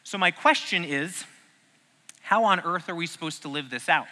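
Male preacher, fairly high and very bright voice, conversational and jokey, long hall reverb. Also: normal speed. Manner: joking, conversational, asks the audience questions. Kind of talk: casual teaching sermon.

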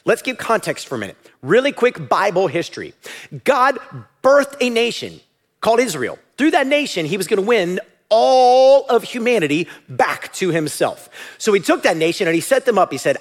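A man preaching a sermon as pastor, animated and at times shouting. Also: high voice, normal speed.

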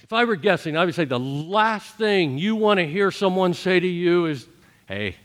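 Earnest, fairly high-voiced male pastor. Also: big pitch swings, normal speed, fairly bright tone. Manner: earnest storytelling with shifting voice for quoted thoughts. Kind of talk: sermon.

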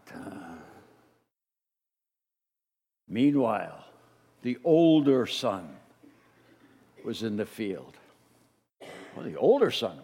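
A middle-aged man preaching a sermon as a pastor, telling the story in an animated way and acting out the voices he quotes. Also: lowish voice, husky. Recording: long reverb of a large hall.

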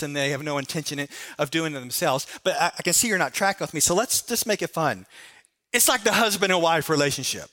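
A man preaching a sermon on a Bible passage, emphatic and swinging between raised and hushed delivery. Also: fairly high pitch.

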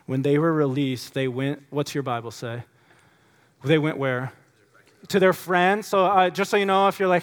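In a church sanctuary, a male pastor with a voice on the high side speaks at normal speed with fairly even intonation. His sermon opens with earnest prayer, then moves into casual, conversational teaching full of fillers.

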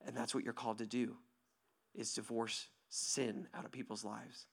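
A male pastor preaching in a lively, conversational way, often checking in with "right?" and swinging from near-shouts to hushed whispers. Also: mid-range voice, moderate pace, vocal fry, slightly rough. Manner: animated, conversational, asks "right?" constantly. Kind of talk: sermon.

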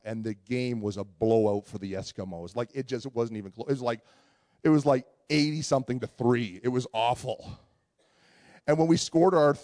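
A man preaching a sermon, telling a personal story in an animated way with many restarts before turning to scripture. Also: mid-range voice, dry recording, studio quality. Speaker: pastor.

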